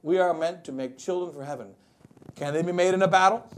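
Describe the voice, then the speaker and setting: A bishop delivers a wedding sermon in a high-pitched voice. He preaches with wide swings, pushing some lines out loud and dropping others to a near hush. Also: brisk. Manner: preaching with wide swings between loud emphasis and quiet asides.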